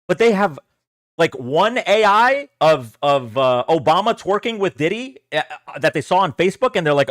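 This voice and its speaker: A man with a high, lively voice argues with his livestream chat, sarcastic and exasperated. He repeats himself to press a point. The sound is dry and close. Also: normal speed, no room sound. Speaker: political livestream host. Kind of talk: casual livestream commentary to chat.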